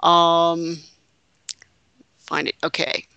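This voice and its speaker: A woman's voice: lowish voice, monotone, very slow, vocal fry, bright, forceful tone, clear, resonant tone, dry recording, muffled recording. A woman hosting a casual podcast chat, reading quotes aloud with joking asides. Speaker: podcast host.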